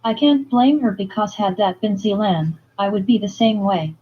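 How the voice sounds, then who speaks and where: A woman reading a romance novel aloud in first-person narration, plain and steady. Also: medium pitch, normal speed, slightly rough, dull audio. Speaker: audiobook reader.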